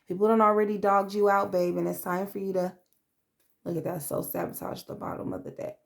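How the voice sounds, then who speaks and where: Blunt woman tarot reader, casual and profane, mid-pitched. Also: flat delivery, fairly quick, gravelly. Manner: blunt, profane, streetwise, calls listener babe; acts out quoted voices. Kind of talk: casual tarot reading to camera.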